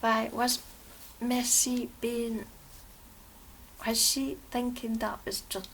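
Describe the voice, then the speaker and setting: A woman's voice: on the high side, slow, pauses often, slight background noise. Chatty woman reviewing a TV episode. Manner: chatty, excited, rambling with restarts. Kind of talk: casual spoken review.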